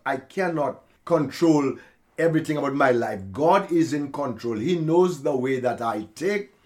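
A man preaching slowly and emphatically on a podcast, repeating key phrases for weight. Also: mid-range voice, darkish tone. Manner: slow, emphatic preaching with repetition. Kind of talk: podcast sermon.

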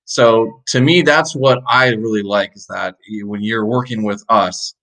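A man's voice: lowish voice, a little slow, a bit bright, poor audio. A middle-aged man speaking as a podcast guest about his mortgage work, earnest and conversational. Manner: earnest, conversational, frequent "uh" fillers. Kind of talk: casual interview chat.

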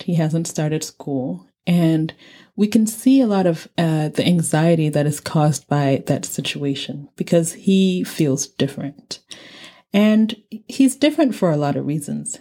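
Low, mellow-voiced woman podcast host. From Nigeria. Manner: measured, thoughtful, laughs lightly. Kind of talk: explanatory book-review talk.

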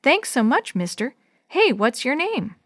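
A woman's voice: high voice, very animated, a little slow, fairly bright tone, no echo, studio quality, pitched above the performer's own voice, exaggerated voice. A woman voicing an eager, impulsive young boy in a children's storybook reading.

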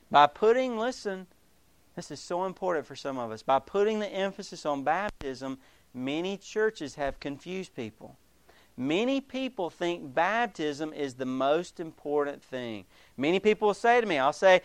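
A man preaching a sermon as pastor, emphatic and animated, acting out the voices of the people he quotes. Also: on the high side, normal speed, smooth, dry recording.

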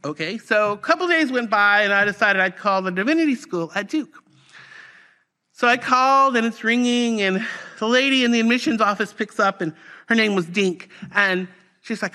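A woman's voice: fairly high pitch, moderate pace. A woman pastor preaching a personal testimony in a conversational, storytelling way. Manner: conversational, animated storytelling with fillers.

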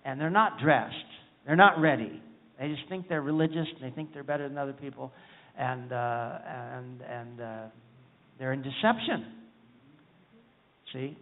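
A man's voice: mid-range voice, big-room sound. A man preaching a folksy, humorous sermon, often asking the congregation for an amen. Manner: folksy, humorous, calls for amens. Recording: tinny phone-like sound.

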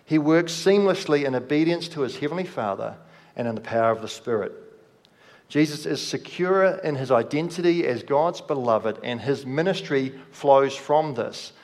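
A man preaching a sermon, slow and measured, letting his voice drop softly at the ends of phrases. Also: medium pitch, lively intonation. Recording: long hall reverb.

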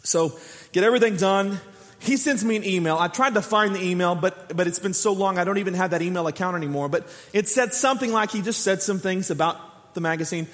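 High-voiced man preaching a sermon. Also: brisk, in a large hall. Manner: lively storytelling preacher who acts out quoted dialogue. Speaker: pastor.

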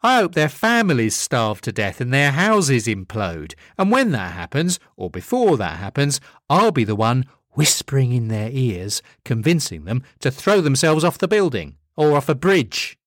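A man's voice: medium pitch, very animated, normal speed, hardly any pauses, dry recording, studio quality, pitched above the performer's own voice, natural voice. A man reading the part of a weary, foul-mouthed male devil who sounds spiteful and world-weary. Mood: spiteful rant.

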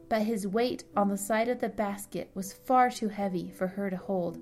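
A woman narrating a fantasy story in a steady storytelling manner. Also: mid-range voice, measured pace, faint music behind. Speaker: audiobook narrator. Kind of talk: scripted narration.

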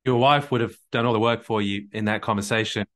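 A man's voice: lowish voice, fairly even intonation, fast, fairly bright tone. A man coaching a caller on a live call, talking earnestly and often repeating words as he works through his advice. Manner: earnest, repeats words while thinking, acts out sample dialogues. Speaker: relationship coach. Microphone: call recording.

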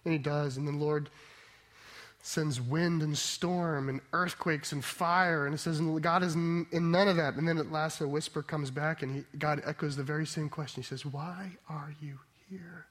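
A male pastor gives a sermon in a fairly high voice. He tells the story in a steady storyteller's way, then presses his point with emphatic preaching. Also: normal speed.

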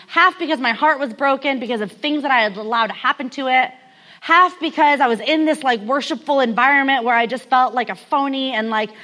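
A woman's voice: high-pitched, bright, forceful tone. A woman in her thirties from California giving a candid, conversational sermon told as a personal story, with many casual fillers. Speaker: speaker.

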